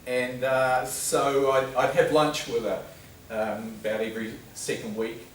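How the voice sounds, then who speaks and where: A middle-aged man gives a relaxed, story-driven lecture at a men's talk. The mic sits well away from him, so his voice sounds roomy, with a faint ambience behind it. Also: mid-range voice, measured pace, distant mic, slight background noise. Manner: conversational, anecdotal storytelling. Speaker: speaker at a men's health talk. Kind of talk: informal lecture.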